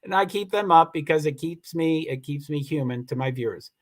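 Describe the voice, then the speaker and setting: Man, livestream host, a touch higher-pitched, halting casual delivery, insistent streak. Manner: halting, many restarts, firm and insistent when annoyed. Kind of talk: casual livestream chat reading comments.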